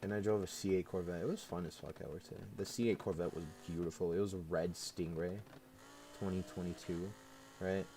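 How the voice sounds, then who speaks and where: Young guy w a really low voice chatting on stream, laughing a lot, faint hiss behind. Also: fairly quick. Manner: animated storytelling with frequent laughs. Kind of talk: casual chat.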